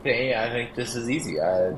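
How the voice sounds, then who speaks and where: A man's voice: mid-range voice, moderate pace, roomy sound, crowd noise, poor audio. A man co-hosting a casual podcast chat, hesitant and self-mocking, recorded over a video call. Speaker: podcast co-host.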